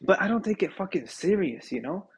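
A man's voice: high-pitched, brisk, slight background noise. A young man hosting a podcast, ranting casually with lots of swearing and "dude," sick and short of breath. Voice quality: husky. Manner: profane, animated, says "dude" constantly. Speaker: podcast host.

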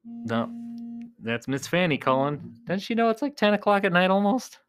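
In a sing-song, high voice at normal speed, a man in clown character hosts his collecting vlog, rambling casually and calling his viewers "you guys." The tone is clean, with soft music playing underneath.

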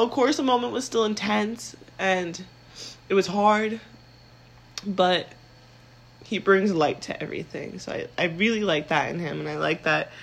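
A young woman with a creaky, gravelly voice hosts a casual solo podcast. She talks frankly and loosely, with lots of filler words and swearing. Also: fairly low pitch, a bit bright, poor audio. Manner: candid, chatty, swears freely, says "like" a lot. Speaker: podcast host.

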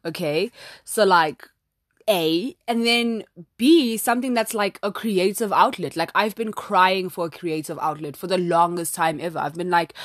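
Young woman rambling on her podcast, lowish voice, dry close sound, super chatty and dramatic. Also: moderate pace, a bit bright, dry recording. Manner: chatty, dramatic, lots of "like" fillers. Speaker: podcast host. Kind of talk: casual solo podcast chat. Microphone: phone app recording.

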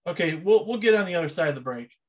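A man's voice: sits high, animated, fast. A man hosting a podcast in casual chat, easygoing and rambling with hesitant fillers. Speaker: podcast host.

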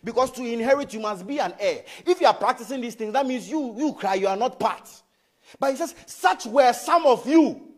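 A man preaching a sermon in a church. He swings between loud emphasis and quiet asides and keeps asking the congregation questions. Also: very high-pitched, brisk. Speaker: pastor.

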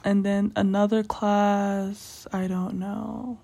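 A young woman talks through her own podcast at an unhurried, drawn-out pace. Her speech wanders from thought to thought, padded with "like" and "um". The tone is loose, personal chat rather than anything scripted. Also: mid-range voice, level tone, vocal fry, warm tone. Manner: rambling, chatty, filler-heavy with frequent "like" and "um". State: slightly out of breath. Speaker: podcast host. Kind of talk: casual solo podcast chat.

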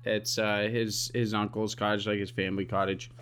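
A man co-hosting a podcast, chatting casually with a relaxed, swearing manner. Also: lowish voice, smooth. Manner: relaxed, swearing, quick laughs. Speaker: podcast co-host. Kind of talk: casual chat.

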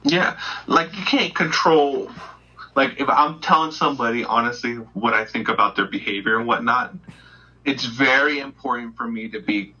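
A man's voice: medium pitch, moderate pace, sharp tone, slightly rough. A man as a guest on a casual podcast, talking frankly and emphatically with plenty of swearing, heard over a video call. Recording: muffled video call audio.

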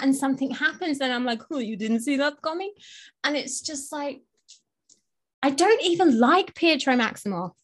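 Here an English woman with a high, slightly bright voice co-hosts a podcast. Her talk is casual and rambling, with plenty of fillers and false starts.

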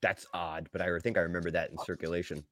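A man co-hosting a casual podcast, getting excited and loud over nostalgic things. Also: fast, no echo. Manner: excitable, jumps pitch when thrilled. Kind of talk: casual chat.

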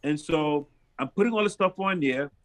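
A man, a pastor and street minister, telling stories in an interview in a lively, animated way. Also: moderate pace. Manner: lively storyteller who acts out dialogue with big jumps in pitch.

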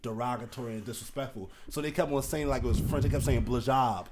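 A man talking easily on a podcast, loose and profane, breaking into laughs between lines. His voice sits in an ordinary middle pitch. There is plain hiss and noise on the recording. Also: fairly even intonation, fast. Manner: loose, laughing, swearing freely. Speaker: podcast co-host. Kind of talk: casual profane chat.

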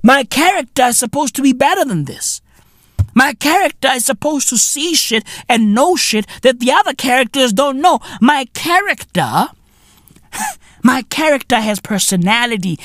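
A woman's voice: high-pitched, no echo, clean studio sound. A woman hosting a podcast, delivering a profane, incredulous comedic rant full of slang tags. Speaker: podcast host.

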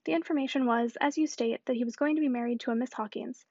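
A woman reading a classic novel aloud in an even, unhurried narrating voice. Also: a little high, no room sound, lo-fi sound. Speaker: audiobook reader.

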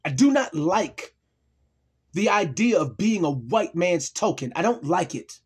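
Man vlogging, tearful, husky, very slow, emphatic repetition. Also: high voice, sing-song. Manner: slow, emphatic, repeats phrases. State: tearful, clearing throat. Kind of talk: emotional monologue to camera.

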